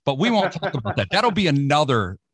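A man's voice: on the high side, sing-song, fairly quick, fairly bright tone. An American man hosting a radio talk show, interviewing a guest in a playful, teasing way. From United States. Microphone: studio microphone.

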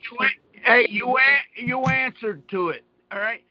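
A man's voice: very high voice, measured pace, dull audio, a crowd in the background. A man hosting a show, talking in rambling, profane casual banter with stammering restarts. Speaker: podcast host.

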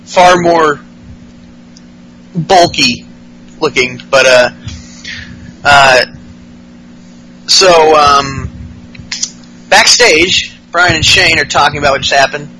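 A man's voice: a little high, slow, long pauses, bright, forceful tone, a little hiss or hum, rough recording. A male podcast host recapping wrestling casually, rambling and profane, with lots of fillers.

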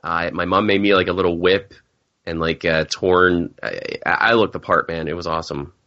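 A man's voice: low voice, steady tone, moderate pace, sharp tone, lo-fi sound. A man co-hosting a podcast in a laid-back, casual chat. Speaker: podcast co-host.

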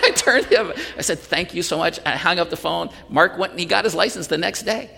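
A man preaching a sermon, telling a personal story in an animated way with chuckles and restarts. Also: high voice, fast, vocal fry, few pauses. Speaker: pastor. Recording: reverberant hall.

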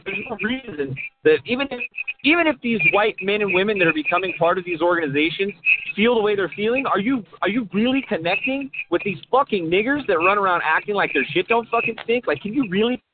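A young man in casual call-in talk, halting and profane, stumbling over restarts. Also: high voice. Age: young adult. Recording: tinny phone-like line with loud hiss.

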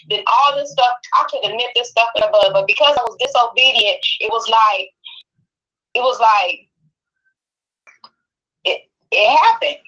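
A woman in her forties tells her story over a muffled phone line. Her voice sits a little high and sounds bright and forceful. She talks in an animated way, repeating herself and restarting sentences. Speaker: caller. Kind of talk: personal storytelling on a call-in show.

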